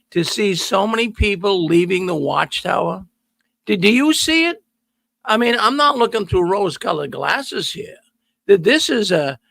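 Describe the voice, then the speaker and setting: A man's voice: high-pitched, gravelly, a bit bright, no room sound. A middle-aged man hosting a call-in show, talking to viewers in a folksy, emphatic way and repeating words for stress. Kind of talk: energetic monologue to viewers. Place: studio.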